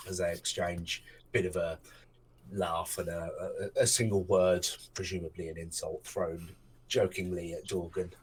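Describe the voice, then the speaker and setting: Deep-voiced man narrating a tabletop game. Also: slight background noise, low-quality recording. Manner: rambling, with many ums and restarts. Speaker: game master. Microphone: desk microphone.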